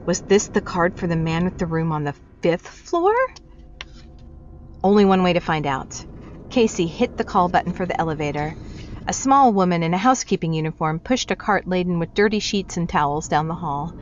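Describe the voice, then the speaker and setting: A woman reading short fiction aloud in steady, measured narration. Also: on the low side, slight background noise. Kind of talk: storybook reading. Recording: dull lo-fi with faint music.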